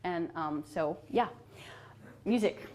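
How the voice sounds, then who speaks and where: Middle-aged woman author, animated and chatty, quick to laugh. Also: on the low side. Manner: animated storyteller, laughs often. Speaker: author and adoptive mother. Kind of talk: casual talk answering questions.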